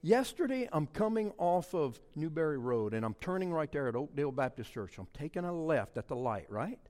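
A middle-aged man delivers a funny, story-driven sermon in a church. His pitch leaps all over the place as he acts out scenes with mock phone calls and noises. A long hall reverb trails every line. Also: fairly quick. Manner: animated, acts out his own story with mock quotes and sounds. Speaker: pastor. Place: church sanctuary.

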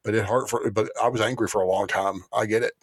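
A man's voice: lowish voice, steady tone, quick pace, husky, no echo. Male co-host, casual chat, rambles and restarts, dry close sound. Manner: rambling, restarts, cracks jokes. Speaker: podcast co-host.

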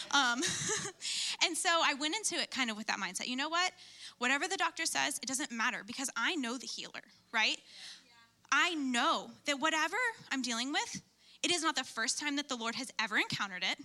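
A young woman giving a personal testimony at church in a chatty, animated storytelling way. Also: high-pitched, fairly quick. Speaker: speaker at church.

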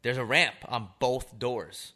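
This young man speaks slowly at a medium pitch. Co-hosting a podcast, he tells rambling, foul-mouthed stories in a lively, casual chat.

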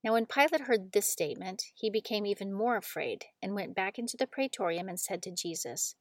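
Female scripture reader, measured and solemn, dry close sound. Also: medium pitch, no room sound. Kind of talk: scripture reading.

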